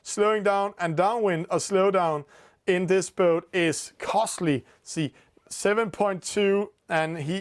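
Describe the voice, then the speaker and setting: A man with a delivery giving live commentary on an online sailing race, full of fillers and jumping up at every penalty. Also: sits high. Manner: excitable, rises sharply at penalties, many fillers.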